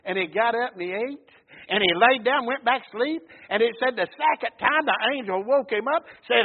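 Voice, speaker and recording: A man preaching a sermon, rousing and rising to shouts with call-and-response amens. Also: very high voice, normal speed. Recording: tinny phone-like radio broadcast.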